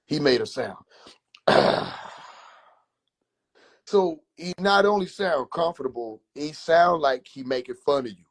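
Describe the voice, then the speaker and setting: Husky dude telling a funny story slow on a phone live, kinda high voice. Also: male voice. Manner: animated, drawn-out comic storyteller. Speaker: livestream host. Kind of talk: comedic storytelling. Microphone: phone livestream.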